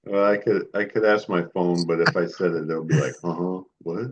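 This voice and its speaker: A man's voice: sits low, steady tone, brisk, slight background noise, rough recording. A middle-aged man co-hosting a podcast in casual chat, rambling and hesitant as he recalls things. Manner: rambling, hesitant, many fillers and restarts. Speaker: podcast co-host.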